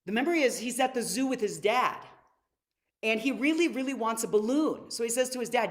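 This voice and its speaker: A woman's voice: a little high, brisk. A woman leading a live online workshop, teaching with energy and asking her audience questions. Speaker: workshop leader.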